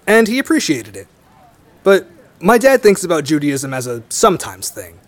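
A man's voice: a little high, sing-song, moderate pace. A young man speaking in reflective conversation, thoughtful and a little hesitant. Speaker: storyteller guest.

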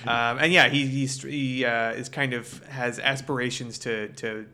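Guy with a sharp bright voice rambling on about old movies, lots of ums. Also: medium pitch, steady tone, measured pace, slight background noise. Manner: rambling, lots of fillers and restarts. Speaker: podcast co-host. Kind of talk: casual film chat.

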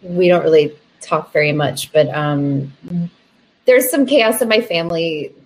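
A woman's voice: sits low, a little slow, a little mellow, poor audio. A woman co-hosting a podcast, telling a personal story in a casual, hesitant way. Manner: hesitant, searching for words. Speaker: podcast co-host.

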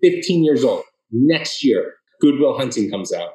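A man's voice: medium pitch, very animated, unhurried, warm tone, roomy sound, poor audio. A man from the Boston area answering interview questions, telling his story earnestly and with lots of restarts. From Boston area, Massachusetts. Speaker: author guest.

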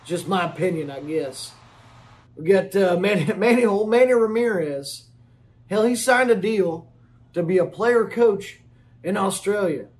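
A man with a slightly higher-than-usual voice hosts a sports podcast, talking in loose, folksy banter. He rambles through a comedic rundown of the news and swears casually as he goes. He keeps tossing in little asides to the listener. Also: a little mellow. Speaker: podcast host.

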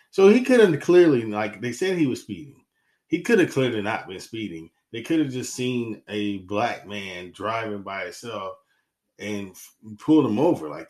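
Heated, profane man with a lowish voice. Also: darkish tone. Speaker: podcast host. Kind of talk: casual solo podcast monologue.

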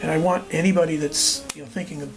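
An older man, a musician and arranger, telling animated stories as a guest in a podcast interview and acting out the voices of people he quotes. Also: on the high side, fast, vocal fry, soft background music.

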